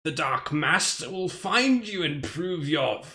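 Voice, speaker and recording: A menacing male beast voiced by a man taunts in a slow, drawn-out put-on accent. The voice sits noticeably higher than ordinary speech and stretches every word. It sounds like a villain in a dramatized script reading. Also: lively intonation, sharp tone, heavily acted. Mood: gloating.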